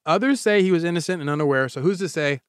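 A man's voice: fairly high pitch, fast talker, smooth, no echo. A man hosting a storytelling podcast, telling the tale to a co-host in a playful, jokey way on a close studio mic. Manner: playful, jokey, acts out quotes.

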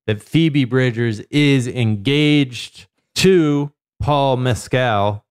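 A man's voice: medium pitch, extremely slow, smooth, no echo, clean studio sound. A man hosting a podcast in casual comedic chat, rambling and joking with a co-host.

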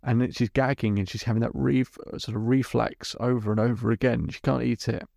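A middle-aged man hosts his podcast, walking through a client session step by step in a storytelling monologue. His voice has a gravelly edge, and he is recorded close and dry, with no room sound. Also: mid-range voice, fairly even intonation, a little fast, a little mellow, dry recording. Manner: recounts a client session step by step, then explains. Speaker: podcast host and hypnotherapist.

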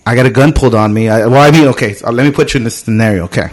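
Brief: man, 30s, mid-pitched, casual podcast storyteller, profane and animated. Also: rapid-fire. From immigrant.

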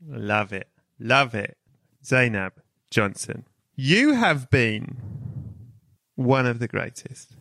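Playful man with a gravelly voice. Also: medium pitch, expressive, slow pace, long pauses, sharp tone, no echo. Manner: playful, spins a long whimsical tale. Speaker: podcast host. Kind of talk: casual chat with comic storytelling.

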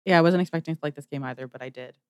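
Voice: mid-range voice, very fast, smooth, dry recording, studio quality. Wry teasing podcast co-host from Canada. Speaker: podcast co-host reviewing games. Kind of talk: casual chat.

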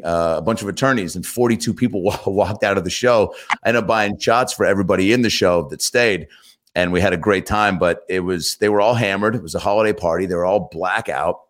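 A man, a comedian and actor, telling stories as a guest in a casual interview, acting out what people said. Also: deep voice. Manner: animated storyteller, acts out quotes.

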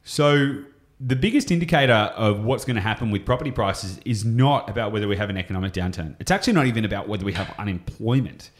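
A man's voice: fairly low pitch, expressive, fast talker, few pauses. An Australian man explaining property investing on a podcast, enthusiastic and rambling, often going off on tangents.

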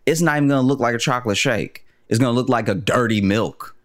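A man co-hosting a comedy podcast, making his points in a measured, halting way. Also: medium pitch. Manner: measured, halting, lots of restarts. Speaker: podcast co-host. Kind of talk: casual comedic debate.

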